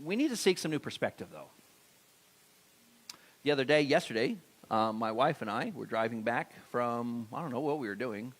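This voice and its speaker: A man's voice: mid-range voice, expressive, moderate pace, pauses often. A middle-aged man preaching a sermon in a church, talking conversationally and putting questions to the congregation. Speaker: pastor. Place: church sanctuary.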